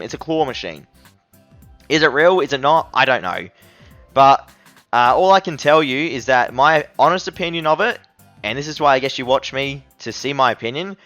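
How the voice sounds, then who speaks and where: A young man giving casual commentary to his viewers while reviewing a phone app, excitable and blurting out loud reactions, calling his audience everyone and bro. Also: medium pitch, dull audio. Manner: excitable, yelps at near misses, addresses viewers as everyone and bro.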